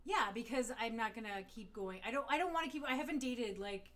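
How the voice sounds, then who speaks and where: A woman's voice: on the high side, fairly quick, a bit bright. Chatty woman telling a dating story. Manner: chatty, laughing, rambling with fillers. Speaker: podcast co-host. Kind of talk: casual chat, storytelling.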